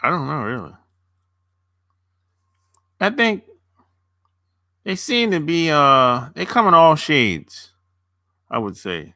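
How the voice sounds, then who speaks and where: A man's voice: fairly high pitch, very animated, takes it slowly, long pauses, bright, forceful tone, no room sound, studio quality. A young man chatting loosely on a live stream, answering viewers as a dating coach, rambling and repeating himself with casual swearing.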